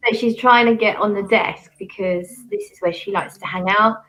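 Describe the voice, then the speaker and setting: Woman hosting a home livestream over a video call, chatty and full of ums, mid pitch. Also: steady tone, normal speed, a bit bright, poor audio. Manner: chatty, hesitant with many fillers. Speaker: fragrance channel host. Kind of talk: casual livestream chat. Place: home desk working-from-home setup.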